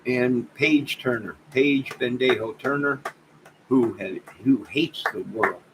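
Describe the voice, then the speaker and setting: A man signs off his livestream in a loose, rambling way, joking and exclaiming as he talks to his chat. His voice sits at an ordinary middle pitch. A clear hiss of background noise runs under the home stream audio. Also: slow pace. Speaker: livestream host. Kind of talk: casual livestream sign-off chat.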